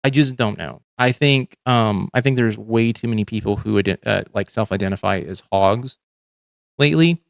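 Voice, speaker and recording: A man's voice: on the low side, normal speed, creaky, no echo, clean studio sound. A man hosting a livestream, chatting casually about politics in a rambling, profane way with lots of fillers and restarts. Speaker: livestream host.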